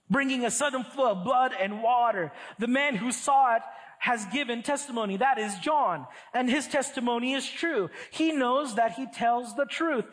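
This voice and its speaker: Man, sermon, high voice, earnest, emphatic, scripture reading. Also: a bit bright. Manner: earnest, emphatic preaching with wide swings in pitch and volume; reads scripture aloud in a measured voice. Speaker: preacher.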